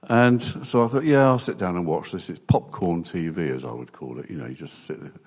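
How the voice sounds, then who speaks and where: A man giving a halting, emotional personal testimony to a church congregation. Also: low voice, a little mellow. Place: church hall. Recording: long church reverb.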